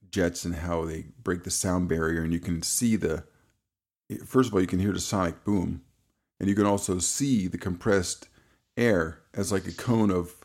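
A man co-hosting a casual podcast, rambling and halting, laughing easily and stumbling over words. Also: sits low, gravelly, a little mellow. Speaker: podcast co-host. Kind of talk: casual chat.

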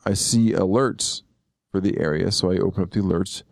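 A low-pitched man with a gravelly edge hosts a loose podcast chat. He rambles, corrects himself and chuckles along. The sound is dry and close. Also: steady tone, a little fast, darkish tone, dry recording. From eastern Pennsylvania. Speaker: podcast host. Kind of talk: casual chat.

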